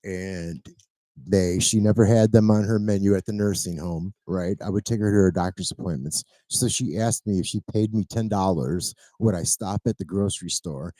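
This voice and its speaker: A middle-aged man talks at home in an earnest, rambling way, leaning on fillers and tag questions. His voice sits fairly low. The sound is dry and close, with no room echo. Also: mellow. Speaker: medical transport driver. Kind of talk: casual storytelling to camera.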